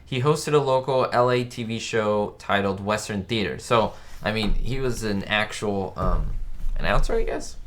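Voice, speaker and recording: A man's voice: fairly low pitch, normal speed, a bit bright, a little hiss or hum. A man hosting a live stream, chatting enthusiastically in a casual way and reading out viewer questions.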